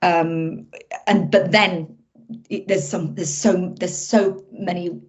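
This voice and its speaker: A woman film director being interviewed, chatting casually and telling stories in an animated way, often restarting her sentences. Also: fairly low pitch, slow pace. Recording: muffled lo-fi audio.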